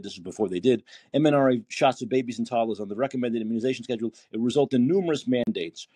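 Recorded dry, a man with a mid-range, slightly rough, a little mellow voice hosts a political call-in podcast. He gives a heated, indignant political commentary monologue, swearing, asking rhetorical questions, and reading listener posts aloud.

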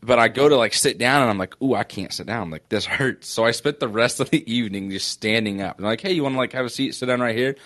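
A man's voice: mid-range voice, quick pace, few pauses, fairly bright tone. A man co-hosting a casual sports podcast, telling long self-mocking stories in a rambling way while sore and breathing with effort. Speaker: podcast co-host.

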